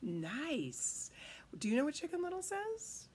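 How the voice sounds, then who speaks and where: A woman's voice: sits high, huge pitch swings, unhurried, noisy background. A woman hosting a children's storytime, reading a picture book in a playful, coaxing way and asking the kids questions.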